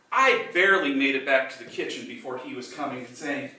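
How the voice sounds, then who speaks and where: Brief: older male public speaker, bright tone, deliberate pauses, distant mic in a reverberant hall. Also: medium pitch, lively intonation. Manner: dramatic pauses, slows down for emphasis. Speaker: contest speaker. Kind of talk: storytelling public speech. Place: meeting room or hall.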